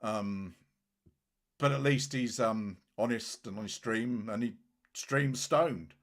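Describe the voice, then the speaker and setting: A man's voice: lowish voice, slow. A man hosting a casual livestream, talking bluntly and scornfully in a rambling way with many restarts. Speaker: livestream host.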